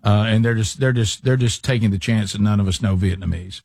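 A man's voice: on the low side, brisk, creaky, darkish tone, dry recording. A male radio show host telling a rambling story in casual studio banter.

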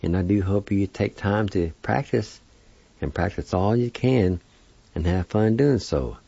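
A man's voice: fairly low pitch, unhurried, vocal fry, warm tone, breathy edge, no room sound. A man giving a weekly pronunciation lesson, spelling and sounding out words syllable by syllable. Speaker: language teacher. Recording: dull lo-fi recording.

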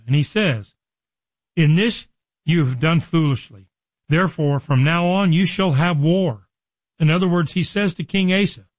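A man preaching, retelling a Bible story and acting out its dialogue with lively quoted lines. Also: on the high side, no room sound. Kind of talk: Bible teaching.

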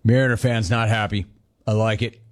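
A man in his forties hosting a casual sports talk show, telling stories and answering his live chat. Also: lowish voice. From Los Angeles area. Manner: animated storytelling, quick asides to chat.

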